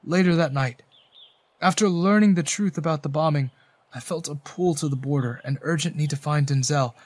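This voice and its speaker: Male first-person narrator, slightly high, earnest and dramatic, dry booth sound. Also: moderate pace, no room sound. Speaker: story narrator.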